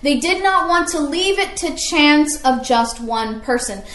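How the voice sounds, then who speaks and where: A woman's voice: high voice, animated, a little slow, fairly bright tone, echoey room. A woman teaching history as a story, asking her listeners questions along the way. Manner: storytelling, asks the audience questions.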